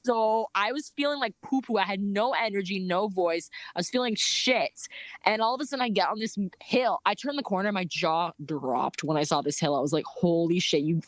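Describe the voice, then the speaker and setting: A young woman casually telling a story about her bike trip, animated, laughing often and filling her talk with "like". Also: medium pitch, a little fast, no echo.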